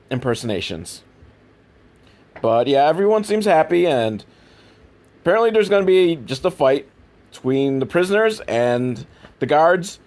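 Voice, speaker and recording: A man talks through a film in loose, joking commentary, undercutting himself as he goes. His voice is mid-pitched and lively, swinging up and down as he rambles. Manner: rambling, self-deprecating, animated with voice impressions. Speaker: movie review host. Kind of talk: casual comedic movie commentary.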